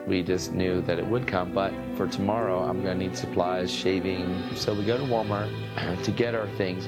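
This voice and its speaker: A man casually recounting a story about praying for a stranger. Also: sits low. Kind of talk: casual testimony.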